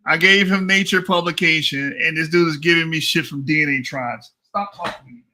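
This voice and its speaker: A man's voice: a little high, fairly even intonation, a little fast, bright, forceful tone, a little hiss or hum. A man in a heated online debate, blunt and combative, swearing and talking over the other speaker on a video call.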